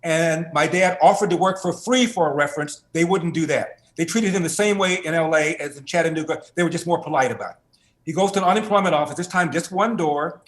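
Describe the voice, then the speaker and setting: A man being interviewed as a guest author, telling a family story in an animated, emphatic way that builds through repetition. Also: a little high, brisk, echoey room.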